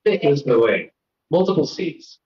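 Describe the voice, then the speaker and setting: Young male comic on a lo-fi stream, fairly high voice, rambling and self-deprecating crowd work. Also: sing-song, unhurried. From Florida. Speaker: stand-up comedian and host. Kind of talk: live stand-up set. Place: comedy stage. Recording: lo-fi live stream audio.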